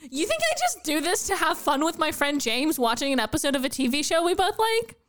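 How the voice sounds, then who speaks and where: A woman co-hosting a podcast, talking in animated, playful rants in casual chat. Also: high voice, brisk. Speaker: podcast co-host.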